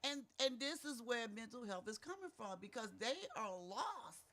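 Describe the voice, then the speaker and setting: An earnest woman speaks in a casual family conversation, pressing her point about caring for one another. Her voice is bright and her pitch swings widely. She talks with heartfelt conviction. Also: moderate pace. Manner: earnest, preachy, animated. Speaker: family member in a vlog chat.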